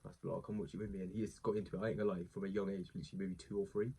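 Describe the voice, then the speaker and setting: Husky fast-talking man. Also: low voice, flat delivery, dark tone, low-quality recording. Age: late 20s. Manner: chatty, digressive, many asides and fillers. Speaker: wrestling show reviewer. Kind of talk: casual rambling review monologue.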